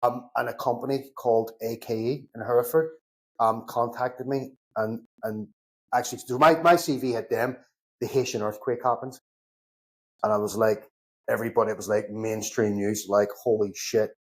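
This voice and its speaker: Belfast man telling animated war stories. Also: medium pitch, moderate pace. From Northern Ireland. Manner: animated anecdotes, acts out both sides of conversations, swears casually. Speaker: podcast guest, security consultant. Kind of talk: casual storytelling chat.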